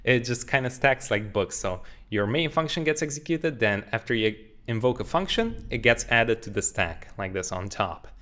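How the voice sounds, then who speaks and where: A man's voice: mid-range voice, expressive, normal speed, few pauses, bright, forceful tone. A young man in his twenties giving a casual, joking coding tutorial, talking through his code as he types. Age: 20s. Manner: upbeat, joking, explains while typing. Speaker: programming tutor. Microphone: studio condenser mic.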